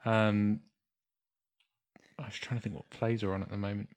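A man's voice: fairly low pitch, little pitch movement, normal speed. A man joking around as co-host on a casual podcast game. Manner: joking, hesitant.

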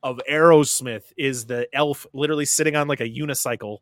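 A man's voice: medium pitch, moderate pace, fairly bright tone, no echo, clean studio sound. A young adult man hosting a podcast, retelling a film in a casual, jokey way, swearing often and laughing. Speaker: podcast host. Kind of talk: casual movie recap chat.

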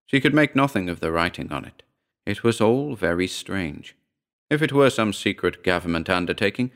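A man narrates a short story in a steady, measured reading. His voice sits very low and comes across smooth and resonant.

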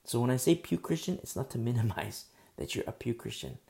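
A man's voice: mid-range voice, sing-song, brisk, vocal fry, warm tone. A man preaching a conversational sermon, emphatic and full of rhetorical questions.

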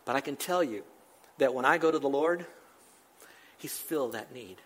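A man's voice: mid-range voice, animated, normal speed, fairly bright tone. An older man preaching a sermon, emphatic and repetitive, building to rising exclamations. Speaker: pastor.

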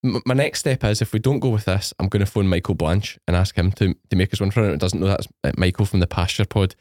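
Low-voiced man, joking host. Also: fast, darkish tone, no echo, studio quality. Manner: joking, teasing, chatty. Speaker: podcast host. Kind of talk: casual chat.

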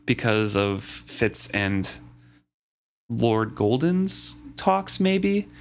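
A man co-hosts a book podcast in casual chat. He speaks in a measured, analytical way and often restarts his sentences as he searches for words. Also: mid-range voice, very animated. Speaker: podcast co-host.

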